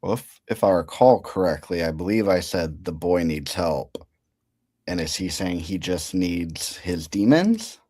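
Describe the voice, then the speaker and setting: A man voicing a gruff, deep-voiced male wrestling co-commentator in live commentary, with a slow, grumbling delivery. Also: animated, a little mellow, no echo, studio quality. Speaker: color commentator.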